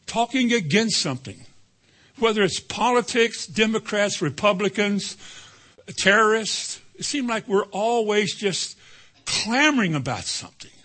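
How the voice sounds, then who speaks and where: A man's voice: high-pitched, lively intonation, a little slow, sharp tone. A man preaching a sermon, emphatic and calling out to the congregation for responses.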